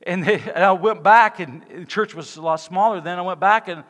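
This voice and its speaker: A male pastor preaching a sermon with passion, swinging between loud exclamations and hushed, quiet lines. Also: high-pitched, moderate pace. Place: church sanctuary. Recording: long reverb of a church hall.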